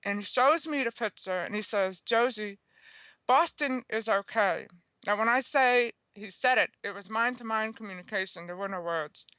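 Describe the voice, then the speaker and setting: Earnest, chatty woman with a bright voice. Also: medium pitch, a little fast, hardly any pauses, no room sound. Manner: chatty, earnest, checks in with "okay?" and "you know". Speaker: guest author. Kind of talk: telling a personal story in an interview.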